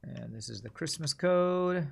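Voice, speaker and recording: A man's voice: a little high, expressive, unhurried, vocal fry, slightly rough. A man streaming a puzzle game, thinking aloud and mumbling as he weighs his choices in casual commentary. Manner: musing aloud, mumbling while deciding.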